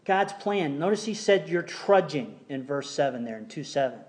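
A man preaching a sermon in a church, reading scripture slowly and telling a story between verses, sometimes dropping almost to a whisper. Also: a little high, lively intonation, a little mellow. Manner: reads scripture slowly, tells jokes, drops to near whisper. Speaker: pastor. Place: church sanctuary.

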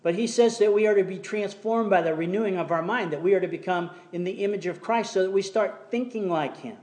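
A man preaching a sermon in a church, reading scripture slowly and telling a story between verses, sometimes dropping almost to a whisper. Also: high voice, a little mellow. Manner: reads scripture slowly, tells jokes, drops to near whisper. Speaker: pastor. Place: church sanctuary.

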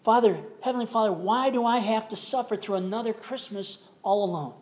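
A man's voice: high voice, fairly quick, pitched above the performer's own voice, close to an everyday voice. A man voicing a grieving, lonely person who pleads with God in anguish. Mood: anguished pleading.

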